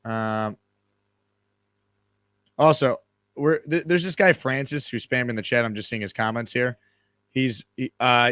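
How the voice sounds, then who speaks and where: A man's voice: medium pitch, measured pace, long pauses, a bit bright, no echo. A man hosting a live sports talk stream, joking and rambling, often restarting his words. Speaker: host.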